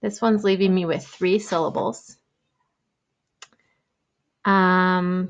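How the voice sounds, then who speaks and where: A young adult woman teacher giving an online writing lesson to young children, thinking aloud in a gentle, encouraging way. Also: on the low side, fairly even intonation, slow, pauses often, highs cut off.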